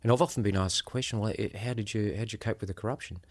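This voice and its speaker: A man with an Australian accent, a former undercover police officer, recounting his experiences in a reflective, conversational way. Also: fairly low pitch. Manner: unhurried, reflective, acts out quoted voices. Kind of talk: conversational storytelling.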